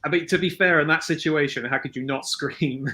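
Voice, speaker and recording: A man's voice: a little high, fairly quick, sharp tone, poor audio. A man in his thirties chatting casually as co-host, laughing often and using many fillers. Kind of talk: casual chat recapping a show.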